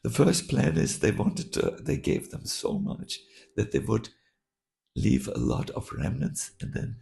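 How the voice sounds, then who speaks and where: A man, a monk, telling a story while teaching a scripture class, halting with many fillers and restarts. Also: medium pitch, gravelly, mellow.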